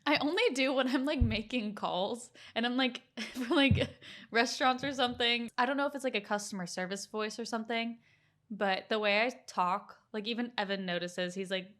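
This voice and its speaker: This daughter and podcast co-host is a young American woman whose voice runs on the high side, fairly bright, at a normal speed. The conversation is loose and chatty, with plenty of "like" fillers and laughs while she talks.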